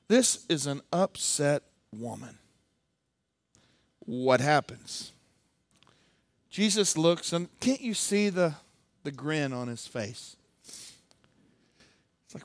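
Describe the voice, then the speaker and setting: Animated, slow-paced man preaching. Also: a little high, no room sound, studio quality. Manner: animated, humorous storytelling. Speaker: pastor. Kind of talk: sermon.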